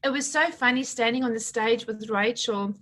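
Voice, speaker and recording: A chatty middle-aged woman speaks with a slightly higher voice. She gushes over her team and recounts stories in a loose, personal way. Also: normal speed. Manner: warm, gushing, chatty, retells conversations. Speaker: team leader presenting awards. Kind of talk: casual talk to her team, recapping an awards event.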